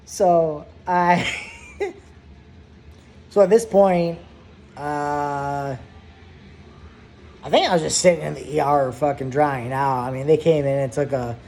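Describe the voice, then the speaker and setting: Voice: medium pitch, a little mellow. A vlogger in their thirties telling a long personal story in a casual, profane, rambling way, with hummed asides.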